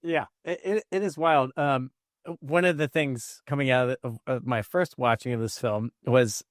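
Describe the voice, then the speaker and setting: A man co-hosting a podcast, chatting casually with quick bursts and laughs about a movie. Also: mid-range voice, no room sound, studio quality. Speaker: podcast co-host. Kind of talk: casual movie review chat.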